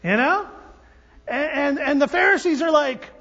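High-voiced man preaching in a reverberant hall. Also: moderate pace. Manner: animated, joking storyteller with restarts. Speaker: pastor. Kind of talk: sermon. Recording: dull audio with long hall reverb.

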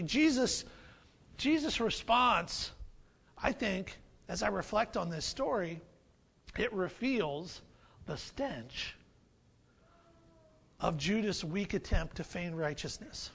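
Male pastor, sermon, conversational humor, high voice, gravelly. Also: animated, measured pace, pauses often, fairly bright tone. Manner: conversational, humorous, repeats phrases for emphasis.

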